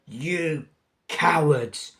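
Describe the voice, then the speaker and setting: A man's voice: mid-range voice, expressive, slow pace. A man voicing a haughty, imperious middle-aged villainess who barks and scolds, in a storybook reading. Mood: furious.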